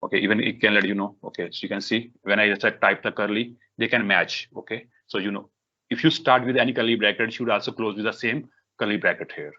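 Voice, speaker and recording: A man with a low voice and a bright, forceful tone walks a class through software step by step. He talks in halting bursts, full of fillers and restarts, and says "okay" over and over. The recording is dull and lo-fi. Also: steady tone. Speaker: workshop instructor. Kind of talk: live software tutorial.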